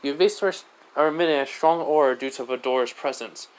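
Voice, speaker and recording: A man voicing a calm, informative inner sage voice in a plain, matter-of-fact way. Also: medium pitch, fast talker, close to an everyday voice, poor audio.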